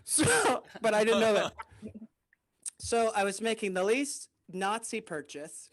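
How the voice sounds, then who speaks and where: A man's voice: high voice, lively intonation, measured pace, fairly bright tone. A male comedian doing a rambling stand-up set over a video call, often chuckling at his own jokes.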